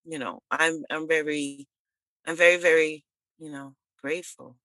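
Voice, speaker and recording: A woman guest on a video call, halting and grateful, searching for her words. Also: low voice, steady tone, a bit bright, no echo, low-quality recording. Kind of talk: casual interview over video call. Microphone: video call audio.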